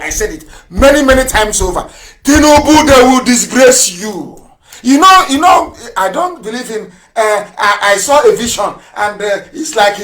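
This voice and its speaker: A man giving a live radio address, fiery and mocking, firing off rhetorical questions and swinging from loud outbursts to low mutters. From Nigeria. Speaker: broadcaster.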